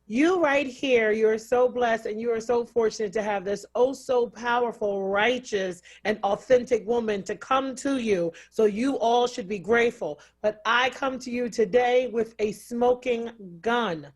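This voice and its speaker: A woman's voice: a little high, a little slow, few pauses. A woman political activist guesting on a radio talk show, assertive and dramatic, asking rhetorical questions. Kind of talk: radio interview.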